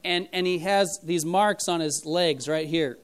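Speaking a little slowly in a fairly high, clean voice, a middle-aged man delivers a relaxed sermon to his church. He wanders through it like a story, leaning on many fillers. The audio comes from a church recording.

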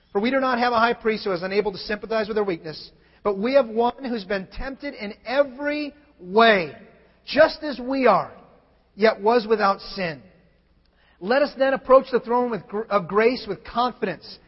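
Male pastor, very high voice, sermon delivery moving from loud scripture to soft confession. Dull, muffled recording. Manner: swings from shouted scripture to quiet personal confession. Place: church sanctuary. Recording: muffled sound in a large reverberant hall.

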